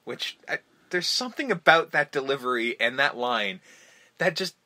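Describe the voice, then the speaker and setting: Bright-voiced man retelling movie scenes. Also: medium pitch, normal speed. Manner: animated retelling of movie scenes, heavy swearing. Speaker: podcast host. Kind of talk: casual film discussion podcast.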